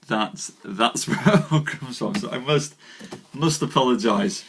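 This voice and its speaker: A man's voice: mid-range voice, fairly bright tone. A man hosting a live storytelling stream, chatting casually with viewers, a little tired, and greeting them by name with self-deprecating humor. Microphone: webcam or desk mic on a live stream.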